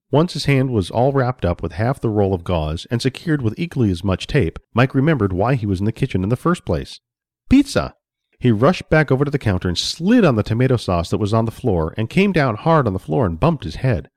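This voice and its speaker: A man reading a children's story aloud with expressive storytelling. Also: lowish voice, no echo, clean studio sound. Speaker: narrator.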